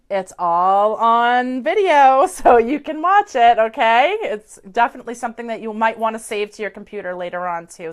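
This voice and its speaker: A woman's voice: on the high side, smooth. A woman psychic medium giving effusive live-stream readings to viewers, chatty and gushing with many fillers, into a webcam or phone mic.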